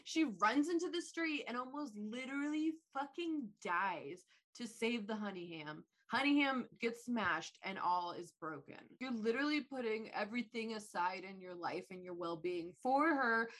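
A woman's voice: a little high, normal speed, hardly any pauses. A woman co-hosting a casual chat show, recapping a movie with swearing and acted-out quotes. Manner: animated, swearing, acts out quotes. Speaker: podcast co-host.

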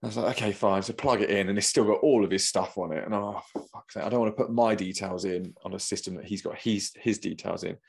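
A man's voice: fairly low pitch, fast, creaky, hardly any pauses, breathy edge. A man in casual chat, telling a story animatedly and acting out the voices of the people in it.

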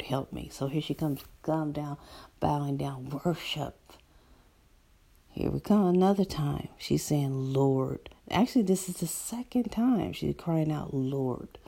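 A woman preaches in a low, gravelly voice with a husky edge. She talks to her listeners conversationally and asks them rhetorical questions. At times she drops her voice to a near whisper for emphasis. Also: dark tone. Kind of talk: sermon.

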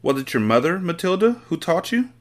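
Man putting on a gentle young schoolteacher. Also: fairly high pitch, big pitch swings, a little fast, voice pushed up. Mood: coaxing. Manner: gentle, encouraging, amazed questioning. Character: kind young female schoolteacher.

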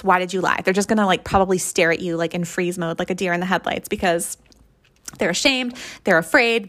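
A woman's voice: mid-range voice, a bit bright. Chatty woman coach checking in often. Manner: conversational, often checks in with "right?" and "okay?". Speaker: keto and mindset coach, podcast host. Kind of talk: casual podcast monologue.

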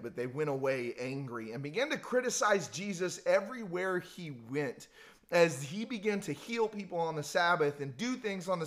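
A man with a somewhat high voice gives a relaxed devotional talk. He tells stories in a folksy, conversational way and often repeats a word while he thinks. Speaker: devotional speaker.

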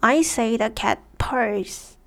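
A woman's voice: on the high side, takes it slowly. A woman voicing a polite, curious young girl who keeps asking questions. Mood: questioning.

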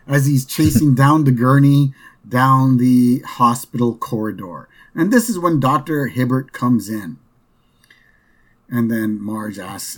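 Husky-voiced man recapping a cartoon episode. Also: mid-range voice, a little slow. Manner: rambling, with many fillers and "right?" asides. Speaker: podcast host.

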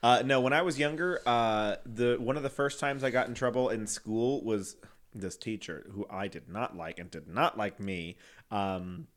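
A young man co-hosting a podcast in casual chat, telling childhood stories with frequent laughter and high-pitched acted-out quotes. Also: moderate pace. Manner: animated storyteller, laughs often, acts out quotes in high voices. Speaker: podcast co-host.

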